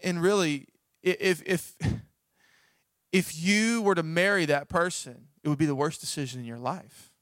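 A man preaching a sermon, telling a personal story in an animated, self-mocking way. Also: a little high, moderate pace, no echo, clean studio sound. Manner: animated storytelling, acts out his own reactions. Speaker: pastor.

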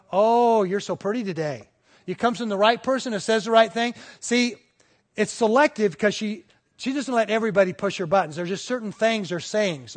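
High-voiced man preaching a sermon. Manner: conversational preaching, frequent "okay?" check-ins with the congregation; tells stories and acts out voices within them. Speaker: pastor.

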